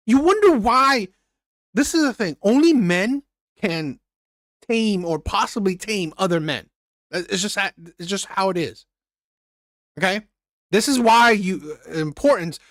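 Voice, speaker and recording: A blunt male reaction host who talks in emphatic bursts and keeps repeating himself. His pitch swings widely between points. The sound is close and dry, with no room in it. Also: fairly bright tone, no echo. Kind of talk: reaction commentary.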